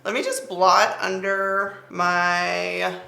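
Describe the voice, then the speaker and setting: Woman, young, bright forceful voice, playful chatty makeup tutorial, roomy echo. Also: mid-range voice, steady tone, drawn-out words, gravelly. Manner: chatty, playful, talks through each step. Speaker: beauty vlogger. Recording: roomy echo, faint music.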